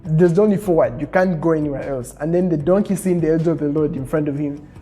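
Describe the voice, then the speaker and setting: A man telling a story casually to his viewers, chatty and animated, with plenty of fillers. His voice has a dark, mellow tone, and faint music plays beneath him. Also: on the high side, fast talker.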